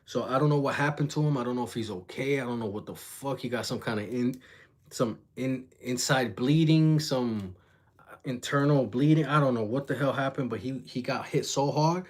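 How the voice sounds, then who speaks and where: On a casual livestream, a young reaction vlogger recounts a story heavy with profane slang, slipping into brief impressions of others mid-sentence. His voice is ordinary middle pitch and a little mellow.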